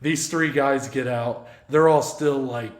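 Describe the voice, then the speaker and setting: Man, podcast co-host, casual storytelling, swears a lot, acts out quotes, average pitch, echoey room. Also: takes it slowly.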